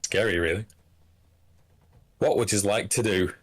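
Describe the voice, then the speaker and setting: A man narrating as game master of a tabletop game, halting and restarting as he describes the scene. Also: lowish voice.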